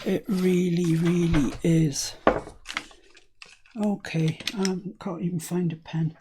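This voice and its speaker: A woman's voice: fairly low pitch, little pitch movement, takes it slowly, noisy background. A woman hosting a casual craft tutorial at a cluttered desk, chatting and muttering to herself as she works. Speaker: craft channel host.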